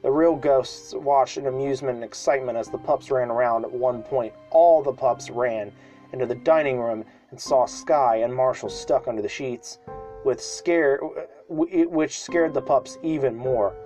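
A man's voice: mid-range voice, normal speed, soft background music, poor audio. Man reading a kids' story. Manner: unpolished home reading with restarts and loud shouted cries for characters. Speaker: podcast storyteller. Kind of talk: reading a children's story aloud.

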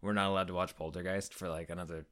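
A man's voice: low voice, level tone, quick pace, a bit bright. A young adult man co-hosting a podcast, easygoing and enthusiastic in casual chat. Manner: enthusiastic, easygoing, trails off in restarts. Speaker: podcast co-host.

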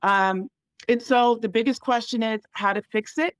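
A woman's voice: a little high, moderate pace, dry recording, studio quality. A woman dog trainer giving casual advice in a conversation, explaining in a chatty way full of fillers like um and you know.

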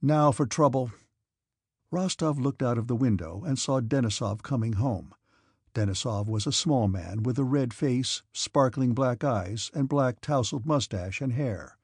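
A man giving a steady, measured audiobook narration of a classic novel. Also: mid-range voice, husky, no room sound, clean studio sound. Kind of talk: scripted narration.

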